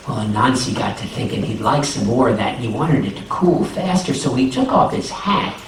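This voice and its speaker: A man telling a folk tale to children in a lively way, asking the audience questions as he goes. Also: mid-range voice. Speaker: storyteller and children's singer. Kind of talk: storytelling and singalong for children. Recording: echoey room, distant mic, noisy.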